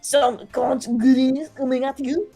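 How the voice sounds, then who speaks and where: A woman's voice: high-pitched, fairly even intonation, a little slow, dark tone, husky, soft background music, voice pushed up, exaggerated voice. A woman voicing a brash, domineering lunch seller in an over-the-top put-on French accent, haughty and taunting, in a fan dub of a game. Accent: put-on obnoxious French.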